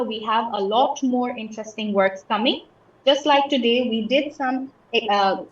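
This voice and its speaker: A woman's voice: fairly high pitch, roomy sound, highs cut off. A woman teaching an English class from Bangladesh, explaining patiently with many examples and checking that students follow. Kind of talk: online class lesson.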